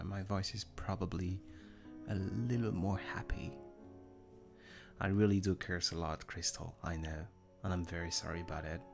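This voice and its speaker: A young livestream host from Germany speaks with a French accent in a low, gravelly voice. He chats casually, rambling and poking fun at himself as he answers viewer comments.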